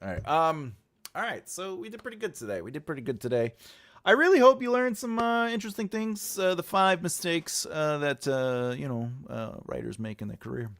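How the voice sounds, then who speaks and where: A man's voice: on the high side, animated, normal speed, fairly bright tone. A middle-aged man hosting a casual livestream, playful and laughing often, with bursts of mock-epic proclamation. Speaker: livestream host.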